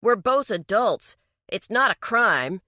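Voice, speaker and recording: A woman's voice: mid-range voice, very animated, takes it slowly, sharp tone, no room sound, studio quality, voice pushed up, heavily acted. A woman voicing a frightened, defensive young male mechanic, talking in a raised, anxious way. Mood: flustered, defensive.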